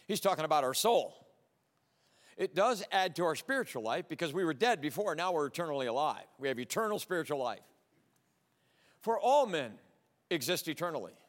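A man preaching a sermon with emphatic delivery, rising to loud declarations and dropping to low, earnest asides. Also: big-room sound.

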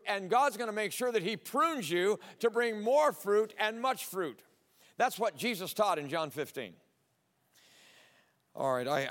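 A man preaching a sermon with emphatic delivery, rising to loud declarations and dropping to low, earnest asides. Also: in a large hall.

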